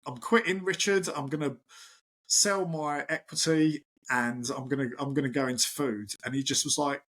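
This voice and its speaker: A man in his forties, a chef, chatting as a podcast guest and telling lively anecdotes, acting out the voices of people in his stories. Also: mid-range voice, moderate pace. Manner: animated anecdotal storytelling, acts out quoted voices. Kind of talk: casual interview chat.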